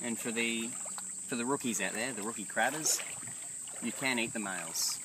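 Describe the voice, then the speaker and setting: A young Australian man co-hosting a casual crabbing video outdoors by an estuary, explaining the catch and exclaiming loudly as he handles the crabs. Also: mid-range voice, normal speed. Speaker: co-host. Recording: distant camera mic with loud outdoor noise.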